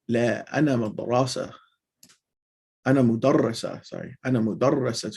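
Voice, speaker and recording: A man casually teaching a language lesson, reading example sentences aloud and then explaining them in a relaxed, informal way. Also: medium pitch, brisk, gravelly, breathy edge.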